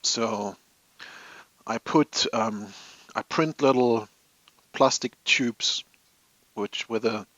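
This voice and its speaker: A man's voice: medium pitch, extremely slow, pauses often, fairly bright tone, no echo, highs cut off. A man hosting a live hobby stream from his home office, chatting casually with viewers in a rambling, amused way. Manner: rambling, chatty, laughs at his own stories.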